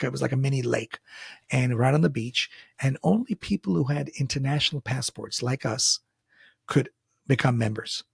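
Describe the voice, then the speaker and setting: Husky, gravelly man telling his life story. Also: medium pitch, dry recording, studio quality. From Iran. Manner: animated, digressive, laughs often. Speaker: podcast host. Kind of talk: personal storytelling.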